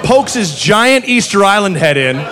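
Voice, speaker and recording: A man doing stand-up, telling a rambling, profane story in an animated way. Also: high voice, a little slow, over a noisy crowd, heavy background noise. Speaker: stand-up comedian.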